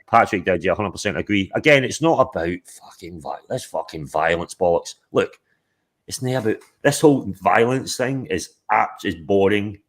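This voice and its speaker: A man hosting a livestream, chatting casually in a rambling, sweary way. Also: lowish voice. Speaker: livestream host. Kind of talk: casual chat.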